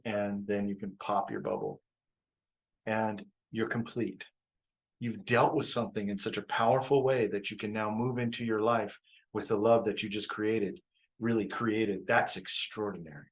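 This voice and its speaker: A man with a fairly low voice gives a relaxed live-stream talk on relationships. He is reflective, often repeats his phrases, and laughs easily as he explains things. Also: low-quality recording. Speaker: relationship coach.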